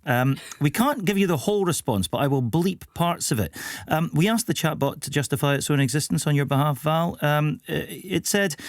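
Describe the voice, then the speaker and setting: A man's voice: a little high, lively intonation, a little fast, no room sound. A man presenting live morning radio, joking wryly and reading listener messages aloud on a studio microphone.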